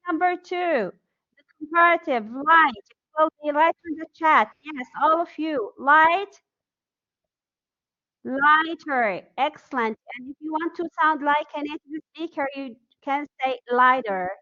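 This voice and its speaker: A woman's voice: high-pitched, a little slow, bright, forceful tone. A woman with an Arabic accent teaching an online English class, drilling students word by word and praising answers. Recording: dull, muffled lo-fi audio.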